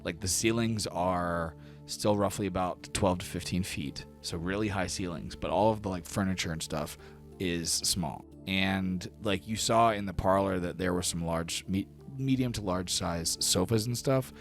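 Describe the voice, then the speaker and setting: A man's voice: deep voice, normal speed. A man narrating a tabletop game as game master, descriptive and casual, with many fillers. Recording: faint music behind.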